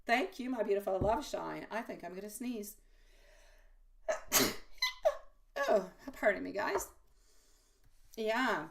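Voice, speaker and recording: A woman's voice: mid-range voice, normal speed, gravelly, distant mic, a little hiss or hum. Woman doing a live tarot stream, calls everyone sweetie, sounds a little back from the mic. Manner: affectionate, chatty, calls viewers sweetie. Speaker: tarot reader.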